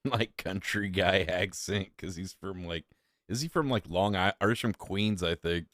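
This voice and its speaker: A man's voice: sits low, moderate pace, fairly bright tone, no echo, studio quality. A man casually commentating on streamer clips, laid-back and rambling, often poking fun at himself.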